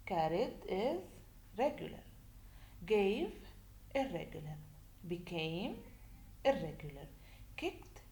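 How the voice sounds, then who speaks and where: A woman teaching a grammar lesson, speaking slowly and deliberately, repeating points and asking rhetorical questions. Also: mid-range voice, a little mellow. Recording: echoey room with faint noise.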